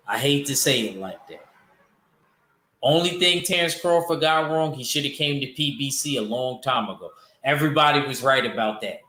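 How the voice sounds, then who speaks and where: A man's voice: a little high, pushed and bright, echoey room. A man hosting a casual boxing livestream, rambling loosely and answering his chat. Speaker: boxing show host reading chat.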